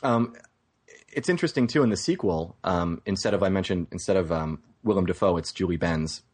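A man co-hosting a casual movie podcast, rambling with filler words, swearing, and breaking into animated voice imitations. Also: deep voice, a little fast, husky. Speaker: podcast co-host. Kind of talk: casual film chat.

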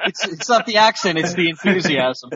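A man's voice: high-pitched, animated, normal speed, a crowd in the background. A man in a casual movie review chat, joking and enthusiastic, often restarting his sentences. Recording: dull lo-fi audio.

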